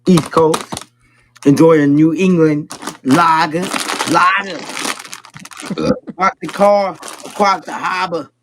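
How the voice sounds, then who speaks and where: A man doing an exaggerated Boston accent as a loud beer-ad pitchman, heard in a noisy clip. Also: fairly even intonation, takes it slowly, pauses often. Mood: crude boasting. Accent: Boston put-on.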